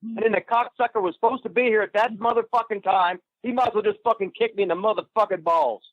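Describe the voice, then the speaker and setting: A man's voice: high voice, fast talker, creaky, dry recording, muffled recording. Foul-mouthed rambling man on the phone. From Indiana. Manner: rambling, swears constantly, crude. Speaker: guest. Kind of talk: profane casual chat.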